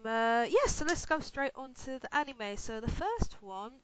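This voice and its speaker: A tired woman opens an anime podcast in a fairly high voice, giggly and a bit scattered. Her tone is smooth and clear as she stumbles through the show's intro. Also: big pitch swings, moderate pace. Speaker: podcast host. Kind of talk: casual chat.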